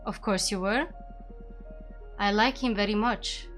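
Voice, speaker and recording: A woman reading the lines of a calm, ancient male demon companion in a low, measured, wry way. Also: soft background music, natural voice.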